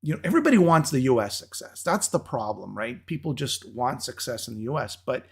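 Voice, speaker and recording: A man's voice: medium pitch, big pitch swings, brisk, creaky, husky. Man hosting an interview, chatty and joking. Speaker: interview host. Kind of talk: casual interview chat.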